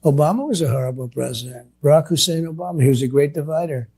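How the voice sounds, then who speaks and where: Older male politician, gravelly and mellow-dark, boastful repetitive rambler. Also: a little high, lively intonation, quick pace. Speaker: politician answering reporters. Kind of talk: clip of a press Q&A.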